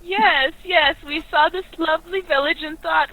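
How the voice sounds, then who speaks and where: A woman playing a character in a tabletop game, polite, eager and flattering. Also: very high-pitched, normal speed, few pauses, poor audio. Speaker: player.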